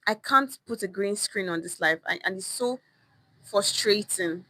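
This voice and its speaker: A woman's voice: medium pitch, a little slow, sharp tone, low-quality recording. A Nigerian woman giving a casual livestream lesson on pidgin, speaking emphatically and often repeating her phrases. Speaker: online language teacher. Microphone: phone or webcam on a live stream.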